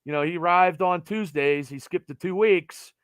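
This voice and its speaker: A man's voice: high-pitched, moderate pace, clean tone, no room sound. A middle-aged man from Pennsylvania hosting a podcast, chatting casually and rambling with lots of fillers. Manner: rambling, animated, trails off with fillers. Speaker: podcast host. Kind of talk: casual sports chat.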